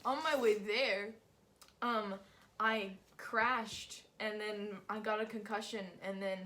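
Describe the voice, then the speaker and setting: A woman's voice: medium pitch, fairly even intonation, slow, sharp tone. Giggly girl rambling through jokes. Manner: giggly, joking, rambling storytelling. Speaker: host's teenage daughter, guest. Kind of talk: casual chat.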